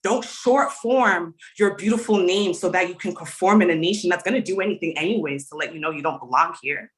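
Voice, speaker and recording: A young adult woman from Canada delivers spoken word poetry with fierce conviction. Her voice sits a little low, and she builds her lines through rhythmic, insistent repetition. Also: fairly quick, rough recording.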